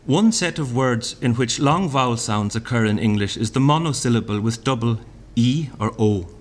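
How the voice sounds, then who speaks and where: A man reading a lecture aloud at a literary festival. He speaks deliberately, sounding out vowels and repeating lines he recites. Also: medium pitch, animated. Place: hotel function room.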